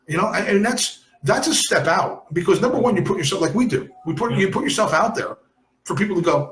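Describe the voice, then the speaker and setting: A man's voice: high-pitched, very animated, brisk, fairly bright tone, roomy sound, slight background noise. A man from New Jersey hosting a podcast in casual chat, blunt and emphatic. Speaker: podcast host.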